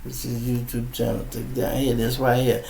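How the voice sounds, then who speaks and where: A man's voice: mid-range voice, monotone, normal speed, vocal fry, darkish tone, echoey room, slight background noise. A middle-aged man from Chicago hosting a live podcast, telling streetwise, profane stories in casual talk. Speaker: podcast host. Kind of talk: casual live-stream storytelling.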